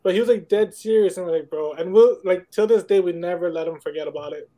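High-voiced Hawaii guy telling stories. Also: fast talker. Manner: animated storyteller, slangy. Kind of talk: casual chat, storytelling.

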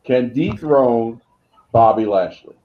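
A man's voice: medium pitch, expressive, takes it slowly, phone-quality sound, a little hiss or hum. A man co-hosting a casual wrestling chat, pushing questions and laying out booking ideas. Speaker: podcast co-host.

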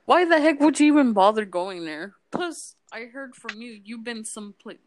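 A woman's voice: fairly high pitch, normal speed. A young woman in casual chat, telling stories with lots of giggling. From United States. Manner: giggly, animated storytelling.

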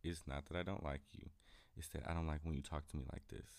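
A man's voice: extremely low pitch, steady tone, quick pace, darkish tone, no room sound. Hurt, insistent young man. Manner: hurt, insistent, repeats himself. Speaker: adult son. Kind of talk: heated family argument.

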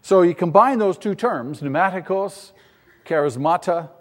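A man's voice: sits high, animated, normal speed, big-room sound. A man preaching a teaching sermon, asking the congregation questions and rising in emphasis. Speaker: pastor.

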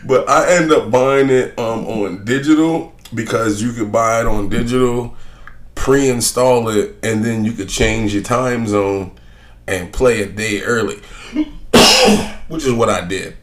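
A man's voice: mid-range voice, takes it slowly. A young man hosting a solo podcast, ranting bluntly and profanely in a rambling, offhand way. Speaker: podcast host. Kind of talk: casual solo podcast rant.

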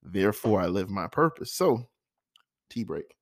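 A man talking through his thoughts in a reflective personal monologue, earnest and repetitive, with a frog in his throat that he keeps clearing. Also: on the low side, sing-song, a little slow, dry recording, clean studio sound. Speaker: vlogger.

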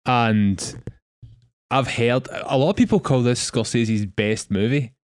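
Measured man, dry sound. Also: medium pitch, no echo. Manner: measured, hesitant, many fillers. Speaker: podcast co-host. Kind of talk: casual film discussion.

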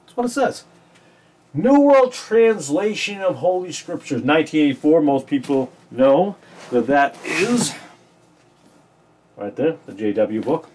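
A man hosting a casual podcast, comparing Bible verses with a sarcastic edge and reading scripture slowly with stress, in a small room. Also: fairly high pitch, sing-song, darkish tone, a little hiss or hum.

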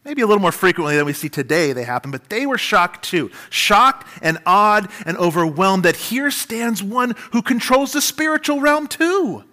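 Male pastor, bright, slightly high voice, animated sermon delivery. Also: normal speed, hardly any pauses. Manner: animated preaching, dramatic shifts in pitch and volume.

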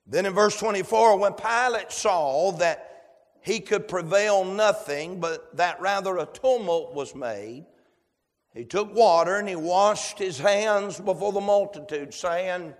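A man delivers a slow, emphatic sermon, lingering over each scripture phrase. His voice sits a little high. The sound carries a long reverb from the church hall. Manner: slow, emphatic preaching with prayer cadence. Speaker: preacher. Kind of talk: sermon, reading scripture aloud. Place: church sanctuary.

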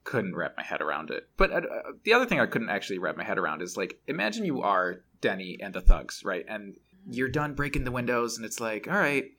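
A man's voice: lowish voice, sing-song, brisk, hardly any pauses, sharp tone. A man joining a podcast as a guest, chatting in a reflective, hesitant way with many fillers. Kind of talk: casual chat.

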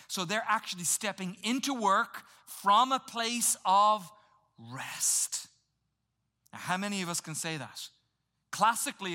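A man preaching a sermon in a lively, conversational way, acting out little voices for humor. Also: sits high. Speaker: pastor.

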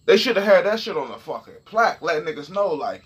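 A man's voice: on the high side, sing-song, fast, husky. A young man telling a story and ranting in a casual, profane, heated way straight to his viewers. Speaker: vlogger.

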